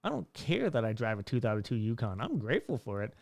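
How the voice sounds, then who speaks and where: A man's voice: fast talker, gravelly, dry recording, studio quality. A young man talking casually to camera, rambling with restarts and fillers and lifting his voice to act out stories. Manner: lively storyteller, pitch jumping up when acting out dialogue. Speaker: vlogger giving life advice. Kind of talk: casual monologue.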